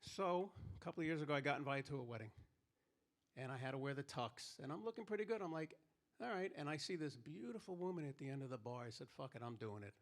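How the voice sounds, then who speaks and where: Guy doing stand-up at a live show, bit of a higher voice, tells stories and does little voices for people, handheld mic. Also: animated, quick pace. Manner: storytelling, acting out quoted characters. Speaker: stand-up comedian. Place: live comedy stage. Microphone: handheld stage microphone.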